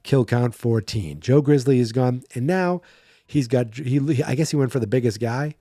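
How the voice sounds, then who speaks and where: Male podcast host, mellow tone, dry close mic, chatty animated film recap. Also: mid-range voice, no echo. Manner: chatty, animated retelling with quick acted-out voices. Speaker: horror movie podcast host.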